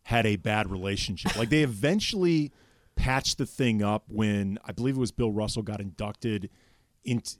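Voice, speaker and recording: A man's voice: on the low side, normal speed, no room sound, clean studio sound. A man co-hosting a podcast, telling sports stories in a joking way. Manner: lively, storytelling, joking. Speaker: podcast co-host. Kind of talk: casual sports chat.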